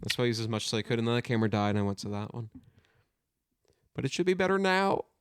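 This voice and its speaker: A man's voice: medium pitch, very animated, fast, clean tone, no echo, clean studio sound. A young man co-hosting a podcast in casual chat, rambling and correcting himself with lots of "like". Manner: rambling, full of "like" and self-corrections. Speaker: podcast co-host.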